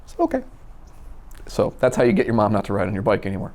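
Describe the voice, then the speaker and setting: A man from Minnesota telling a personal story in a casual, animated way, acting out the dialogue. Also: on the low side, fast. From Minnesota, USA. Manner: animated, acts out quoted dialogue. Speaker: storyteller guest.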